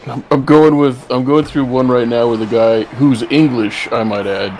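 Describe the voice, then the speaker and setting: A man's voice: medium pitch, steady tone, normal speed, darkish tone, a little hiss or hum. A man joining as guest co-commentator, bantering casually and teasing the host in a wry way.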